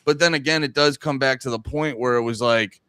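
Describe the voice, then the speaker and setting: Animated man in casual podcast chat. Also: mid-range voice, fairly quick, clean tone, no echo. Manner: animated, jumps into mocking voices of others. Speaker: podcast co-host.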